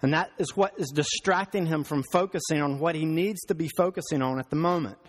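Man preaching in a reverberant hall. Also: a little high. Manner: storytelling, slows for emphasis. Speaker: pastor. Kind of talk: sermon.

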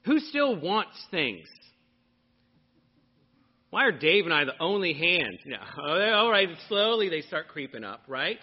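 High, lively male preacher. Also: measured pace, dull audio. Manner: animated preaching, questioning the congregation. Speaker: pastor. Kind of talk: sermon.

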